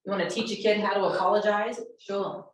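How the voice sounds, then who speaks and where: A woman's voice: medium pitch, fairly even intonation, fast talker, a little hiss or hum. A woman presenting a teaching workshop for educators, speaking directly and acting out sample conversations with students. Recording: very echoey room, voice distant from mic.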